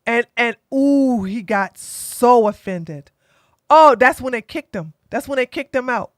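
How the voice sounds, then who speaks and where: Animated and blunt, a woman with a high voice gives opinionated online commentary and readily slips into mocking impressions. The recording is close and dry, with no room sound.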